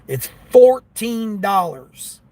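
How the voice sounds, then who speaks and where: A man talks casually on a livestream from his car, grumbling about gig work and customers. His voice sits a bit high for a man, and the hum of the vehicle runs underneath. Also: sing-song, extremely slow, warm tone. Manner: chatty, complaining, acts out customers' voices. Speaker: delivery driver livestreamer. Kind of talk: casual livestream chat while driving.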